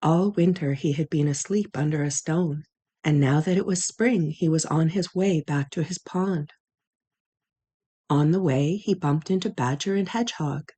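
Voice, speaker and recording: A woman narrating a children's storybook in a gentle, measured way. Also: low voice, slightly rough. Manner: gentle, measured, with sound effects.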